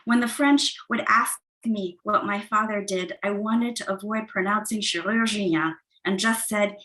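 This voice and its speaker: A woman from the United States reading her poems on a video call, soft and measured. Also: medium pitch, poor audio. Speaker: poet. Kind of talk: poetry reading.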